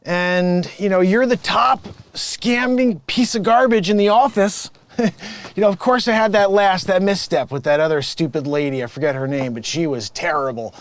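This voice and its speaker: A man's voice: high voice, moderate pace, lightly acted. A man improvising a sleazy, smug phone scammer boss who mocks his coworkers and cons callers. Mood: mocking. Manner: smug, mocking, laughing at his own lines. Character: sleazy male phone scammer boss posing as tech rebate agent. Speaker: improv comedian. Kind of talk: improvised comedy sketch.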